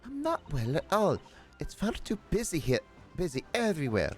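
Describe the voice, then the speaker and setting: Fussy haughty noblewoman, a man putting her on, very high falsetto, lilting. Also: wildly swooping pitch, normal speed, soft background music. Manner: haughty, whiny. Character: fussy upper-class lady, complaining.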